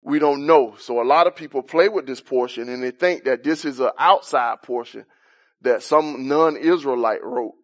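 A man preaching a Bible-teaching sermon, explaining a passage and asking questions as he rises in intensity on key points. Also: medium pitch.

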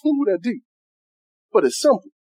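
High-voiced preacher, casual Southern vernacular. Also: male voice, sing-song, normal speed, darkish tone, husky, dry recording. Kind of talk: sermon.

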